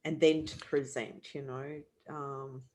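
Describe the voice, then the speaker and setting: Slow, hesitant woman asking a question. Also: extremely low pitch, level tone, a little mellow. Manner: hesitant, trailing off with fillers. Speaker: audience member asking a question. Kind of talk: question from the floor.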